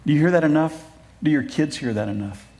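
A man's voice: fairly high pitch, lively intonation, fast, a little mellow. A middle-aged man preaching a sermon in a church, conversational, with joking asides and earnest appeals to fathers. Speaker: pastor.

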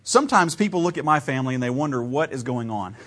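Here the preacher's voice is medium-pitched, animated, fast, and a bit bright. He's a man in his thirties from Ohio, pastoring through a sermon built on conversational storytelling with changing emphasis and laughter at his own tales.

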